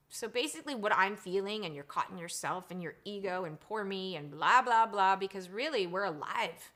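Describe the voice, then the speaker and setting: Medium-pitched and speaking at a normal speed with few pauses, a woman in her forties runs a chatty, casual live stream. She reads out viewer comments, alternating between animated and hushed delivery.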